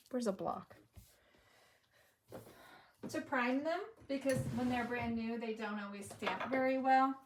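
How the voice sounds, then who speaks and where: Slow, musing crafting woman. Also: a little high, noisy background. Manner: talks to herself while working, trailing off and muttering. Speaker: craft video host. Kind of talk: casual crafting commentary.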